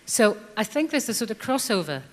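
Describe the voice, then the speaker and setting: A woman's voice: on the high side, big pitch swings, brisk. A woman in her fifties speaking from the floor at a debate, earnest and hesitant. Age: 50s. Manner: earnest, hesitant with many ums. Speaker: audience member. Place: large hall. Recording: long hall reverb.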